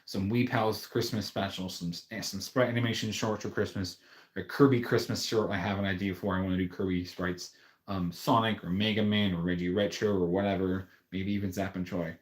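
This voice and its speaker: A man with a fairly low voice chats casually on his own livestream, rambling in a friendly way. His voice bounces around an echoey room. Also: little pitch movement, fairly quick. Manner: rambling, friendly, with fillers and restarts. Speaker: YouTube livestream host.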